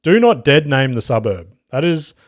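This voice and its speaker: A man's voice: medium pitch, moderate pace, dry recording, studio quality. Profane Australian man telling stories. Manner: profane, animated storyteller with acted quotes. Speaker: podcast host. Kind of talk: solo podcast storytelling.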